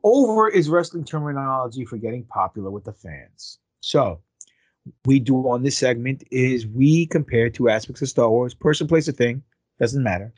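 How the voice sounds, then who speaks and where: Joking, lively podcast co-host man. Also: mid-range voice, fairly quick, no echo, studio quality. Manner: joking, teasing. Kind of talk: casual fan podcast chat.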